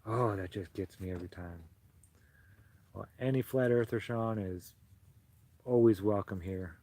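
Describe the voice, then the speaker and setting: A man hosting a relaxed livestream, chatting while he crochets. He is soft-spoken and sentimental and greets his viewers fondly. His voice is low-pitched and mellow. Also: unhurried, pauses often. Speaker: livestream host. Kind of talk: casual chat while crocheting.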